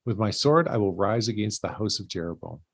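A man's voice: fairly low pitch, animated, fairly quick, vocal fry, breathy edge, no room sound, poor audio. A man co-hosting a Bible study, reading scripture aloud plainly and joining the discussion with short remarks. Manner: reads scripture aloud plainly, brief agreeing replies. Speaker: Bible study co-host and reader.

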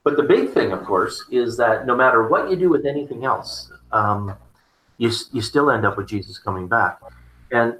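Echoey, bright-voiced man musing on theology. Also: mid-range voice, normal speed. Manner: rambling, repeats words, chuckles often. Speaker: theology discussion partner. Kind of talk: casual conversation.

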